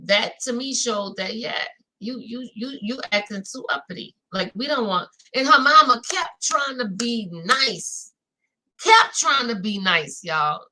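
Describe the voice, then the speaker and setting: Louisiana woman host, high-ish bright voice, chatty, calls the audience y'all. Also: expressive, a little slow. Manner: chatty, talks straight to viewers with "y'all". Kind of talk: casual recap chat.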